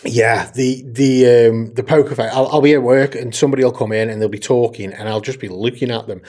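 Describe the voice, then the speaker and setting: With a medium-pitched voice and a brisk pace, this podcast co-host tells stories in casual chat. He's animated, laughing a lot and swearing without restraint.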